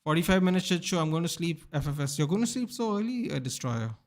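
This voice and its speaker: Young male streamer, casual banter with chat, voice a touch high. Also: expressive, fast talker. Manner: chatty, bantering, addresses viewers by name. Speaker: football watchalong streamer. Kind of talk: casual live-stream chat reading viewer comments.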